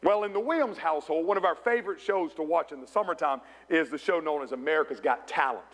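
A man preaching a sermon as pastor in a church, building to passionate peaks and dropping to hushed storytelling. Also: on the high side, fast talker. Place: church sanctuary. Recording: long church reverb.

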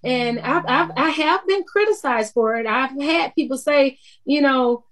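A woman's voice: high-pitched, a little slow. Laughing woman news anchor. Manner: laughs often, lively and down to earth. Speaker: TV news anchor, interview guest. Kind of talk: casual interview chat.

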